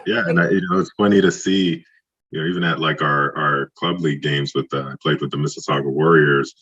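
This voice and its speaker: A man in his forties from Trinidad, telling stories in a casual podcast interview, animated and acting out quoted dialogue. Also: rumbling low, fairly quick, breathy edge, highs cut off. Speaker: guest, former football player.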